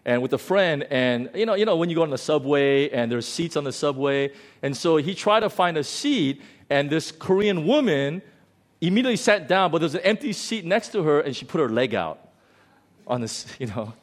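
A man preaching a sermon in a conversational, storytelling way, swinging between loud outbursts and quiet, low passages. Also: expressive, normal speed. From lives in Hong Kong. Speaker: pastor.

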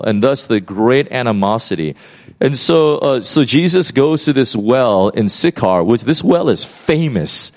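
A man preaching a sermon, retelling a Bible story in a lively, conversational way with many fillers and restarts. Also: medium pitch, moderate pace. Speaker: pastor.

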